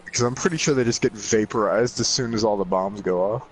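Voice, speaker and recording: A man's voice: lowish voice, quick pace, a little hiss or hum, rough recording. A young man chatting casually while gaming, with sarcastic, profane jokes. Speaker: let's play co-host.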